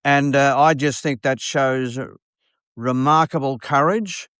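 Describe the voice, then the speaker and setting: A man, a radio host telling a story in an earnest, unhurried way, with many fillers. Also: medium pitch, steady tone, fairly bright tone, clear, resonant tone, dry recording, clean studio sound. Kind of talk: storytelling monologue.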